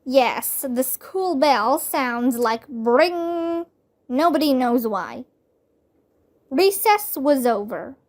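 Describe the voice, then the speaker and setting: A woman whose first language is Vietnamese reading a children's chapter book aloud in a clear, lively storytelling manner. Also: high voice, very slow. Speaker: reader.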